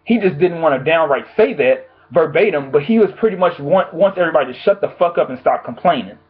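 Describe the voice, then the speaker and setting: A man's voice: on the high side, expressive, fast talker, breathy edge. A man vlogging from home with blunt, profane, exasperated commentary on the news. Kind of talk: casual opinion commentary. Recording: tinny phone-like audio.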